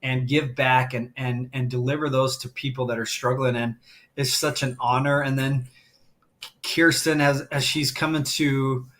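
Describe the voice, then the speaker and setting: A man's voice: medium pitch, flat delivery, measured pace, a bit bright. A middle-aged man speaking as a guest on a live stream, telling a heartfelt story and getting emotional as he talks. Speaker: guest, grief coach.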